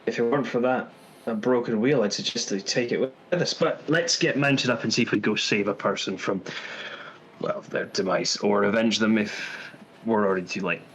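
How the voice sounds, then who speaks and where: A man's voice: on the low side, moderate pace, fairly bright tone, slight background noise, rough recording. A man playing a tabletop game, hesitating over his words and rallying the group in casual chat. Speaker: player.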